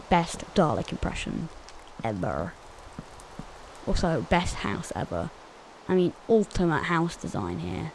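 A woman's voice: on the low side, very animated, a little slow, vocal fry, darkish tone. Chatty woman rambling thru a game, giggles a lot, faint hiss behind her. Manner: chatty, giggly, talks to viewers. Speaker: gaming channel host. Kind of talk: casual gameplay commentary.

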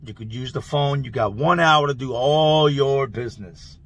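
A man telling a long story in a loose, slangy, animated way. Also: mid-range voice, normal speed. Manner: loose, slangy, animated, laughs through the tale. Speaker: channel host telling prison stories. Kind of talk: casual storytelling.

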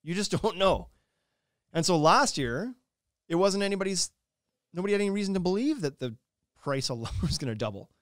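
A man talking quickly on a podcast, piling up thoughts with frequent restarts and filler words. His voice sits at an ordinary middle pitch and sounds close and dry, with no room around it. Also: lively intonation, dry recording. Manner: quick, rambling, many "like"s and restarts. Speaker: podcast co-host. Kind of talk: casual podcast chat.

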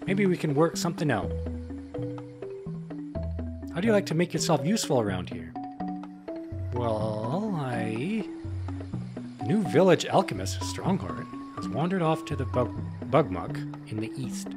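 A man plainly reading a proud woman chief of a prehistoric village, blunt and commanding, delivered in his own mid-pitched voice with lively ups and downs. Game music plays clearly behind her lines. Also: measured pace, long pauses. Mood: businesslike. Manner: reads game dialogue aloud flatly.

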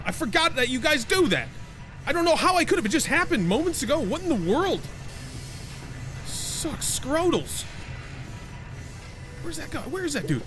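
A young man streaming a horror game, chatting casually, joking and swearing, with sudden excited yelps. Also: sits high, normal speed, over music. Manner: jokey, profane, prone to excited yelps. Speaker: gaming streamer. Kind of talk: casual let's-play commentary.

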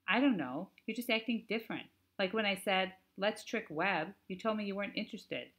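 A woman's voice: medium pitch, expressive, brisk, a bit bright, voice pushed up. A woman reading an audiobook, voicing a brash teenage boy who teases his friend. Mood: teasing. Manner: teasing, mocking.

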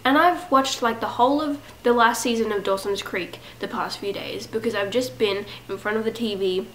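A woman's voice: on the high side, normal speed, fairly bright tone, slight background noise, poor audio. A young woman with a cold, sounding congested, chatting casually to her camera at home in a rambling, self-mocking way. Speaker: vlogger. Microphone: camera set up at home.

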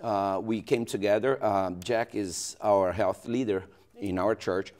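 A male pastor with a Brazilian Portuguese accent, speaking in a local TV interview with many pauses, fillers and restarts. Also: fairly low pitch, steady tone, a little mellow.

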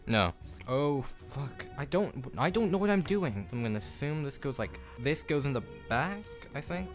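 A man's voice: mid-range voice, lively intonation, moderate pace, soft background music. A young man filming a casual vlog in his home kitchen on a phone, flustered and self-mocking as he swears through a build. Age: young adult. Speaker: YouTuber. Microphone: phone camera.

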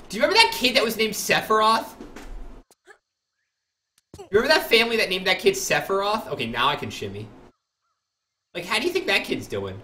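A young man with a fairly high voice streams a classic game live, with slight background noise behind him. His commentary is animated and rambling, full of jokes and self-mockery as he plays.

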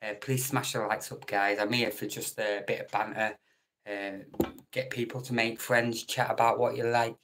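A man's voice: medium pitch, little pitch movement, moderate pace, a bit bright. A British man hosting a late-night live stream chat, joking with viewers and reading out their names, sometimes dropping to a whisper. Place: room at home at night.

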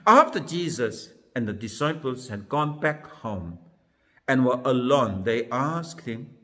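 A man's voice: mid-range voice, expressive, sharp tone, long reverb tail. A man serving as minister, reading a Bible passage aloud and then retelling it in a sermon. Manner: slow, careful reading then plain retelling. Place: church.

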